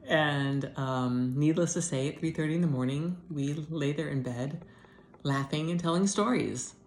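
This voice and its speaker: A woman's voice: deep voice, normal speed, roomy sound, slight background noise. A middle-aged woman telling her own story in an unscripted video diary, tearful at times and dropping to whispers. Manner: emotional, shifts between whispers and animated retelling. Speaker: vlogger sharing her illness journey.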